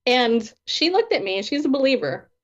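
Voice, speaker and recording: A woman's voice: sits high, sing-song, normal speed. A woman who is a Christian therapist and author, guesting on an interview. She tells personal stories expressively, laughing often and acting out the dialogue. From not from the American South. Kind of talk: animated personal storytelling. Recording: dull lo-fi audio.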